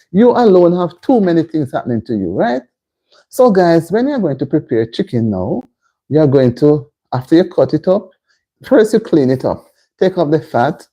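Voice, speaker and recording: A middle-aged woman, talking viewers through kitchen prep on a live stream. Her voice is soft-edged and mellow, and her pitch rises and dips widely as she chats. She keeps breaking off to greet people in the chat by name. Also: highs cut off. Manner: chatty, greeting viewers by name between cooking tips. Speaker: host of a live cooking stream.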